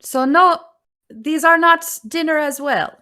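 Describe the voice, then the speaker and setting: A woman voicing a huge, menacing ancient witch, loud and gruff. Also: sits high, slow pace, pitched above the performer's own voice, exaggerated voice.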